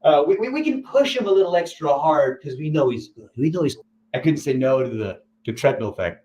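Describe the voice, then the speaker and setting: A man's voice: fairly quick, lo-fi sound. A young man telling a rambling personal story as an interview guest, acting out other people's lines. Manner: rambling, animated, acts out quotes in a higher voice. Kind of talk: candid storytelling.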